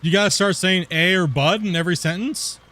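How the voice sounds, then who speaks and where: A young man with a Pacific Northwest accent tinged with West Coast Canadian chats on his gaming stream. His voice sits a little high, and he keeps it loose with plenty of slang and laughter. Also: fairly quick, pushed and bright. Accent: Pacific Northwest US, with West Coast Canadian touches. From northern US near the Canadian border. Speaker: game streamer. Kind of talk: casual gaming stream chat.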